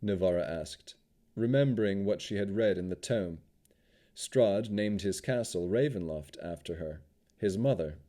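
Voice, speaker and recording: A man narrating a fantasy audiobook with expressive storytelling. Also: low voice, a little slow.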